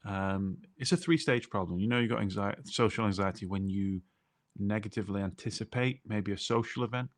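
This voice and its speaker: A man's voice: fairly low pitch, brisk. A man co-hosting a podcast, talkative and explaining things step by step. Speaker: podcast co-host.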